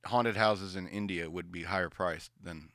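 A man's voice: sits low, moderate pace, no room sound, studio quality. A man co-hosting a podcast in casual comedic chat, joking and playful. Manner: joking, playful, animated storytelling. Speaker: podcast co-host.

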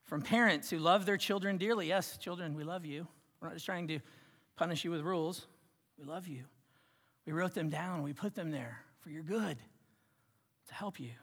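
A man preaching a sermon, swinging from loud emphasis to hushed, near-whispered lines. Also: on the high side, normal speed, pauses often, big-room sound. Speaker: pastor.

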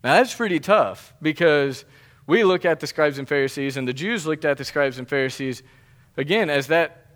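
A man's voice: a little high, fairly bright tone. Man preaching an earnest sermon. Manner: conversational, earnest preaching with frequent restarts and emphatic repetition. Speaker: pastor.

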